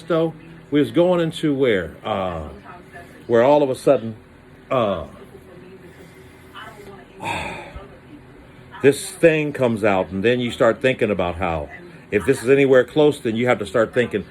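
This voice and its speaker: Brief: male storyteller, loose slangy comic monologue, voice leaps up for quoted bits. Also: moderate pace. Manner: animated, slangy, acts out voices with pitch jumps.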